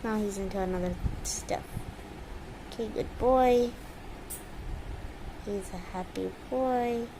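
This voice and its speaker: A woman's voice: medium pitch, takes it slowly, long pauses, background noise. A woman filming her pet bird at home on a handheld phone, cooing at it and scolding it in baby talk. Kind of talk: casual phone vlog talking to a pet. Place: indoors at home with a fan on.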